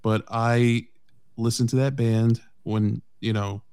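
A man chatting casually, relaxed and a bit self-deprecating. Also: medium pitch, slow, clean tone, no room sound. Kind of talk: casual chat.

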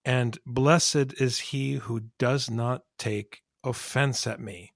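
A man's voice: medium pitch, gravelly, no echo, clean studio sound. A man, a priest, discussing scripture emphatically and asking his listeners pointed rhetorical questions.

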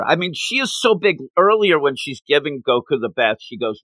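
Man, co-host, high-ish bright voice, bouncy delivery, dry close sound. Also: a little fast, hardly any pauses, no room sound. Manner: animated, giggly, acts out quotes. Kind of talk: casual chat recapping a comic.

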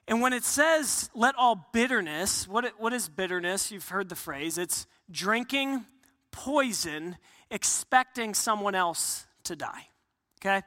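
A man's voice: sits high, lively intonation, measured pace, pushed and bright, in a large hall. A man preaching a sermon earnestly, often restarting phrases and acting out quotes. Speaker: pastor.

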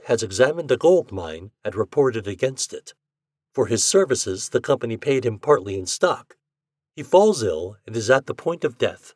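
A man reads classic fiction aloud in a measured, expressive storytelling voice. His pitch rises and falls lively through the sentences. The recording is dry and close. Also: dry recording. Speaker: podcast narrator. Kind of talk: scripted narration of classic fiction.

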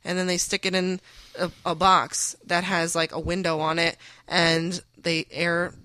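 Bright, blunt woman telling stories. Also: lowish voice, unhurried, no room sound, low-quality recording. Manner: blunt, profane storytelling with animated put-on quotes. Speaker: guest, the host's wife. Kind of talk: casual podcast chat.

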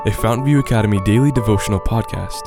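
A man's voice: fairly low pitch, fast, creaky, loud music behind the voice. A young man reading a scripted devotional story in an earnest storytelling manner. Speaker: student devotional reader.

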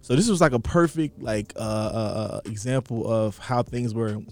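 A man's voice: medium pitch, expressive, moderate pace, darkish tone. A man in his thirties, born in New York and raised in Atlanta, talking animatedly and chuckling on a casual podcast. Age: 30s. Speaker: podcast co-host.

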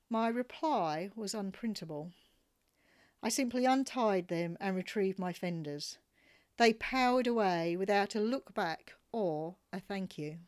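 A woman reading her travel memoir aloud with wry, expressive storytelling. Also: medium pitch, measured pace. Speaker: narrator.

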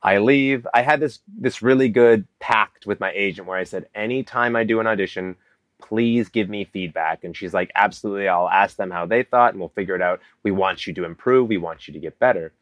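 A man from Vancouver, Canada, a guest telling a story in a casual interview, animated and acting out quotes with jumps in pitch. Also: brisk, no echo. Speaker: guest, business coach.

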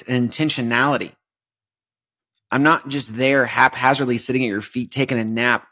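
A man's voice: mid-range voice, a bit bright. A young adult man hosting a podcast, talking about faith in a casual, conversational way with many fillers and restarts. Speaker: podcast host.

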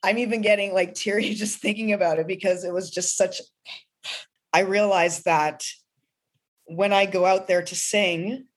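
A woman's voice: mid-range voice, steady tone, moderate pace. A woman singer-songwriter talking in a heartfelt, emotional way during a podcast interview, often laughing. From pastor's kid.

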